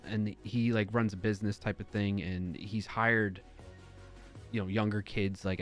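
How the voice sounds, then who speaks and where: Man rambling through an incredulous anecdote. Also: lowish voice. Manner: rambling, filler-heavy anecdote with self-corrections; incredulous, animated retelling. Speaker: live-stream host. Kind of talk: casual storytelling chat.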